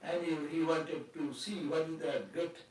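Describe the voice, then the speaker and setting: A man's voice: fairly high pitch, steady tone, normal speed, slight background noise. A man giving a spiritual talk as a swami, conversational, with laughs and rhetorical questions. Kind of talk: sermon. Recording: echoey hall from far off.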